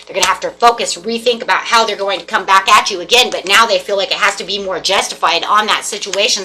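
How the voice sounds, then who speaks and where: A woman giving a casual tarot reading, animated and repetitive, acting out the people in the cards. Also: medium pitch. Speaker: tarot reader.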